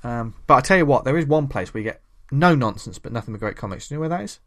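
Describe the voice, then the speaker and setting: A man's voice: medium pitch, animated, rapid-fire, fairly bright tone. A man hosting a comics podcast in casual chat, jokey and rambling, laughing often. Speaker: podcast host.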